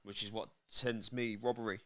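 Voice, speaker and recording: A man's voice: fairly low pitch, flat delivery, normal speed, fairly bright tone. A man with a British accent, breaking down a boxing bout in casual, sweary commentary. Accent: British English. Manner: analytical, blunt, sweary. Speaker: co-host, boxing pundit. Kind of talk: casual fight commentary chat.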